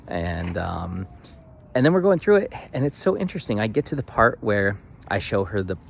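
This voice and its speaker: A man's voice: lowish voice, sing-song, normal speed, creaky, slight background noise. A young man vlogging, telling a story casually with emphatic bursts and lots of fillers and restarts.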